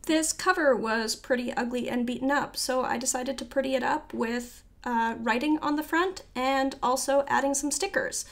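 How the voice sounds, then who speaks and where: A woman recording a casual voiceover for her vlog, talking quickly and rambling, with self-deprecating asides and many fillers. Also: high voice, creaky. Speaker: artist giving a sketchbook tour. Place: home art studio. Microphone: voiceover microphone.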